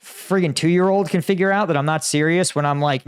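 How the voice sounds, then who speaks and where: Host, young adult man, fairly high voice, sarcastic and animated commentary. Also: brisk, smooth, no room sound, clean studio sound. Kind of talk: casual political commentary reading posts.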